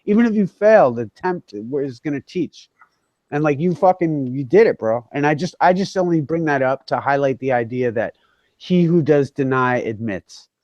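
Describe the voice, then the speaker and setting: A man's voice: on the high side, animated, normal speed, a little mellow, no room sound, lo-fi sound. Brief: male host, laid-back and rambling, lots of "like" and "bro", close dry mic. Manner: rambling, filler-heavy, says bro and dude. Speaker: host of an open-mic hangout. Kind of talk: casual chat.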